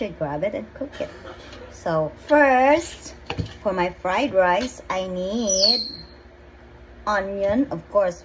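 A middle-aged woman talks through making dinner in her home kitchen, slow and easygoing, wandering off and repeating herself. Chopping and clatter come through clearly behind her voice. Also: fairly low pitch, very noisy. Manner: chatty, meandering, repeats herself. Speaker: cooking vlogger. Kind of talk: casual cooking vlog. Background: chopping and pan sounds.

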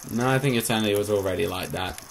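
A man casually coaching a friend through a horror game, jumping between calm tips and sudden excited yelps. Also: lowish voice, very fast, vocal fry, noisy background. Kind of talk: casual gaming chat.

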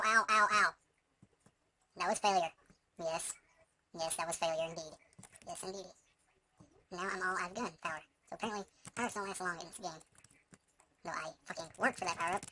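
A young woman commentating her own gameplay, excitable, swearing at enemies, yelping and humming along. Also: on the low side, slight background noise. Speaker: let's play gamer. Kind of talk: casual game commentary.

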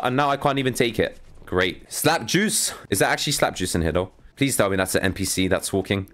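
A young man giving excitable live commentary on his own video game play, talking to his viewers and breaking into exasperated outbursts. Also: medium pitch, fairly quick. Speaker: gaming YouTuber.

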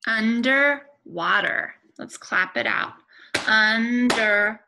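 A young woman teaching a remote lesson to young children, speaking patiently and clearly with pauses between words. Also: a little high, pushed and bright, poor audio.

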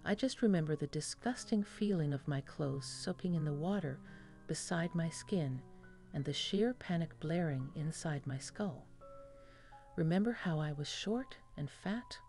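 A woman narrating a first-person horror story in a measured, ominous delivery. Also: deep voice, lively intonation, darkish tone, soft background music.

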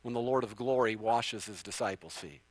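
A man, the pastor, preaching a sermon, swinging from hushed passages to fervent, emphatic ones. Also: fairly low pitch, normal speed, no room sound, rough recording.

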